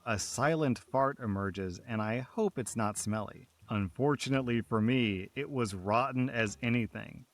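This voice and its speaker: A man reading online stories aloud as scripted narration, steady and even with light emphasis. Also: medium pitch.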